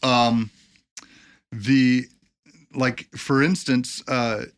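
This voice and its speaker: A man at an ordinary, mid-height pitch, co-hosting a relaxed talk show. He reads from his notes in a loose way, stumbles over hard words and slips in jokes. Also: drawn-out words, clear, resonant tone. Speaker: podcast co-host. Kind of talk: casual chat.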